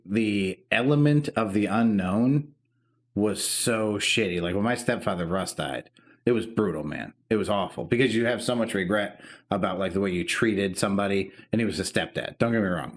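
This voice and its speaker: A man in his thirties co-hosting a podcast, telling an emotional story in casual, profane chat. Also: low-pitched. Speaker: podcast co-host.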